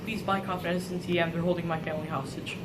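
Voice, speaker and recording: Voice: medium pitch, fairly even intonation, fast talker. A speaker who pleads with desperate urgency. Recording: echoey room with hiss.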